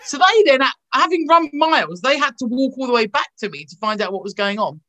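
Speaking briskly in a high voice, an English actress tells animated stories as a video call guest. She imitates the voices of the people she describes.

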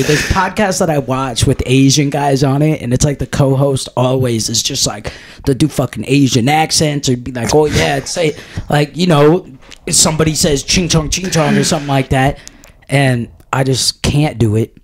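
A man's voice: medium pitch, moderate pace, slight background noise. A man co-hosting a podcast, rambling in casual chat, blunt and profane. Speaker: podcast co-host.

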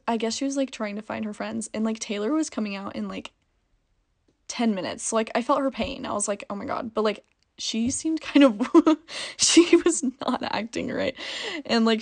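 A woman's voice: mid-range voice, gravelly. A young woman vlogger chatting through a casual storytime, giggly and full of "like" fillers.

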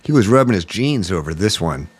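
A man's voice: low voice, sing-song, fairly quick, breathy edge. A man hosting a political commentary podcast, ranting in a sarcastic, mocking and exasperated way. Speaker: podcast host.

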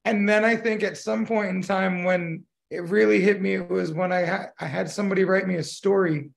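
Laid-back male podcast co-host with a high, gravelly voice. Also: steady tone, brisk. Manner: laid-back, rambling, swears casually, laughs often. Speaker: podcast co-host, tattoo artist. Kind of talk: casual chat.

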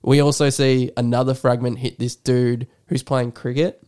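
Rambling Australian guy, smooth voice. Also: mid-range voice, flat delivery, moderate pace, darkish tone. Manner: rambling, laughs often, swears casually. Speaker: podcast co-host. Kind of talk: casual film review chat.

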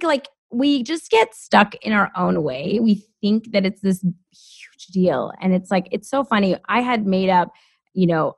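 A woman in her thirties talks through her story as a podcast guest, animated and full of fillers. Her pitch sits in the middle of the range for a woman. She is recorded close and dry, with no room sound. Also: dry recording. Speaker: guest, former lawyer. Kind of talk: casual podcast conversation.

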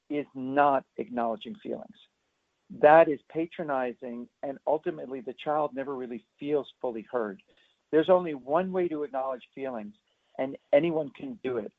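Earnest male pediatrician on a phone line. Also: medium pitch. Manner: earnest and explanatory, with vivid demonstrations. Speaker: pediatrician guest. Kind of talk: expert interview answers. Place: remote, not in the studio. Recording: tinny phone line into a radio show.

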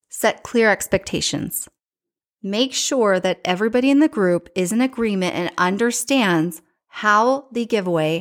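Chatty woman giving social media tips. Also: mid-range voice. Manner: chatty and candid, acts out her own inner voice. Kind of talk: casual advice talk.

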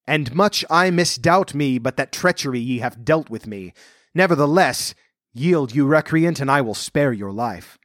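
A man's voice: medium pitch, expressive, measured pace, fairly bright tone, no room sound, clean studio sound. A man voicing a proud, wounded medieval king in an audiobook reading, speaking archaic courtly lines in a commanding way.

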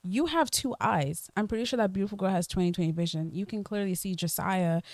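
Woman, podcast co-host, playful slangy chat, mid-pitched voice, dry close sound. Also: a little fast, darkish tone, no room sound.

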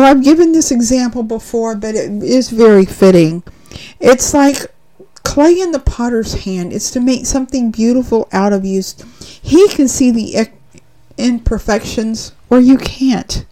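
A woman's voice: on the high side, unhurried, warm tone, rough recording. Earnest woman preaching a sermon. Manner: earnest, addressing listeners directly.

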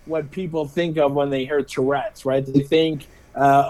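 This middle-aged man's voice sits in the mid range, and he takes his time while telling stories in a casual interview. A special education teacher, he's animated, laughs often and repeats his words, though the audio is poor.

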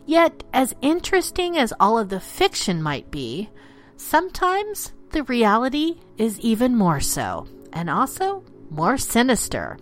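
Playful woman host spinning dark legends. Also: a little high, huge pitch swings, measured pace, faint music behind. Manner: playful, theatrical, slips into pirate talk. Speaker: podcast host. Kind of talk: storytelling narration of dark legends.

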